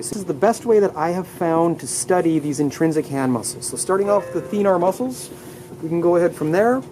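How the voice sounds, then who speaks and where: A man's voice: sits high, darkish tone, a little hiss or hum, low-quality recording. A man teaching anatomy in a live classroom lecture, upbeat, leading students through muscle names and asking them to repeat terms aloud. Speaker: anatomy instructor.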